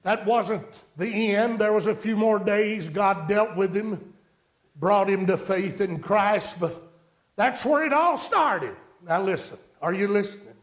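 A preacher with a notably high voice tells a story to his congregation. He speaks plainly and pleads with his listeners, and his voice rings in a roomy, echoing space. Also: unhurried. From rural United States. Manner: storytelling preacher, rising to emphatic pleas. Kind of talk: sermon.

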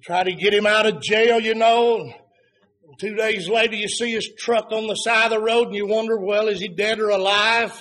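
A man preaching a sermon, rising to fervent shouts and then dropping to quiet, low passages. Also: fairly even intonation, moderate pace.

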